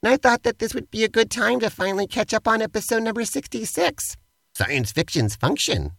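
A man's voice: high-pitched, expressive, fairly quick, vocal fry, fairly bright tone, no echo. A man co-hosting a comedy podcast, narrating an improvised role-play in a playful, theatrical way.

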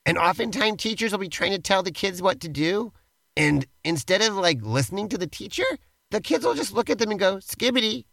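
A man's voice: high-pitched, animated, a little fast, creaky, a bit bright, no echo. A man co-hosting a comedy show, teasing his partner in playful, improvised role-play banter. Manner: upbeat, teasing, playfully pushy. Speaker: co-host.

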